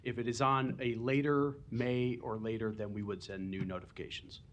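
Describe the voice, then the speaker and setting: A man's voice: mid-range voice, steady tone, normal speed, lo-fi sound, slight background noise. A man from the planning department briefing a board at a public meeting, explaining steps with frequent ums. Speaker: planning department staff member. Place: council chamber.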